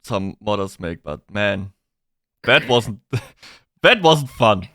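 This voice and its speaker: A man whose first language is German, chatting casually as a streamer being interviewed about games, excitable and stammering through restarts. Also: fairly low pitch, takes it slowly, slight background noise.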